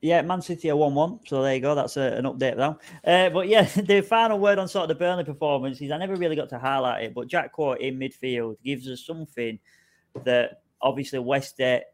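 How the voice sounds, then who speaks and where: A man with a mid-pitched voice co-hosts a casual football podcast. He talks bluntly and with strong opinions. He swears freely. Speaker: podcast co-host.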